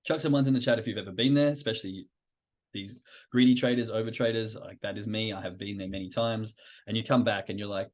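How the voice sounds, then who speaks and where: A man hosts an educational podcast and speaks in a relaxed, explanatory way. His voice sits somewhat low. His delivery is informal and peppered with fillers. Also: fast, muffled recording. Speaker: podcast host.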